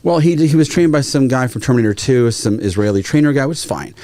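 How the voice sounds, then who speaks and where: A man, a guest firearms trainer, telling stories in a casual, animated way and acting out quotes. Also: mid-range voice, fast talker. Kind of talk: casual storytelling.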